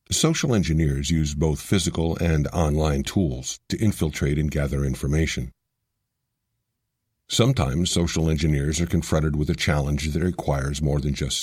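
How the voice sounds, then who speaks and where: Male voice-over narrator, very low pitch, dry close sound, measured explainer read. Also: darkish tone, husky, no echo. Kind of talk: scripted narration.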